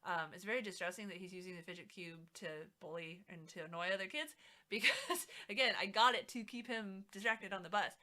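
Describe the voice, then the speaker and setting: Bright, chatty woman streamer. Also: mid-range voice, brisk. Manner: rambling, chatty, many fillers. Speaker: live streamer. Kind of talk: casual chat while crafting. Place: home streaming setup. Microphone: mic set a little away from the mouth.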